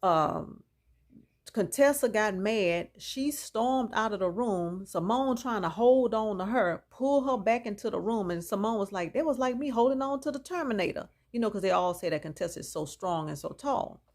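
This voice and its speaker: Gossipy lady doing a reality show recap, gravelly fry in her voice, super opinionated. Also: medium pitch, moderate pace, a little mellow. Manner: opinionated, chatty, mixes in reactions.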